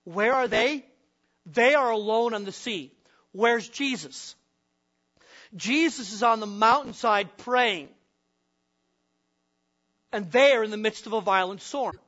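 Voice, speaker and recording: A pastor from the upper Midwest preaching a sermon, asking the congregation questions and acting out the voices of frightened men. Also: male voice, high-pitched, slow pace, pauses often, fairly bright tone, highs cut off.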